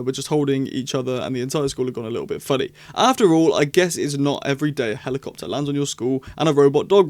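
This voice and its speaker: An excitable young man rambles through his reactions in a casual vlog. His voice sits a touch high, and the recording is close and dry with no room sound around it. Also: no room sound. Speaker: YouTuber.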